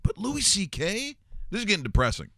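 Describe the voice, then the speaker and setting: A middle-aged male host riffs through comic banter on a live stream, his fairly high voice swinging widely up and down. He keeps breaking into quick mocking impressions. The studio sound is dry and close. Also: creaky, dry recording. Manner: animated, riffing, slips into mocking impressions. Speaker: radio show host. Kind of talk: comedic live-stream talk show banter. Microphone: studio microphone.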